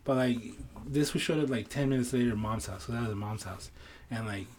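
A man co-hosting a podcast in casual chat among friends, slangy and swearing, halting and repeating himself. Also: medium pitch, darkish tone, a little hiss or hum. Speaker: podcast co-host.

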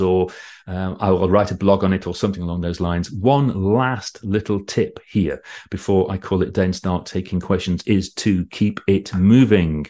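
A man giving an online conference talk on presentations, lively and conversational, with a fairly low voice. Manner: lively, animated, loose and conversational. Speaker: presentation coach.

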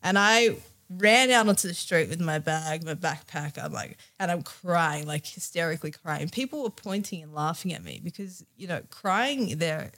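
A woman's voice: lowish voice, normal speed, hardly any pauses, a bit bright. A young woman from Australia telling a personal story as a podcast guest, candid and emotional, with many fillers.

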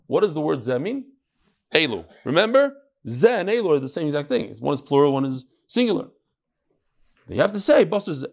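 Man, middle-aged, Talmud teacher, casual lesson, step-by-step explaining, asides, a bit high-pitched. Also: very animated, quick pace.

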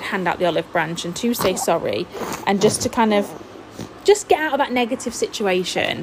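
A woman's voice: medium pitch, a little hiss or hum. A woman in her thirties, hosting a casual solo podcast from home with a chatty, candid manner and lots of fillers. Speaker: podcast host. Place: home, feeding a baby. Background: household sounds, washing machine.

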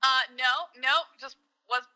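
A young woman taking a friendly phone call, answering in a polite, relaxed way. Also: high voice, unhurried, faint music behind.

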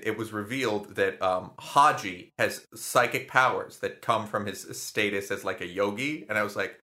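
A young man with a low voice that still has a bright, forceful edge. He rambles through casual comedic chat, swearing freely and laughing a lot. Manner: rambling, profane, laughing often.

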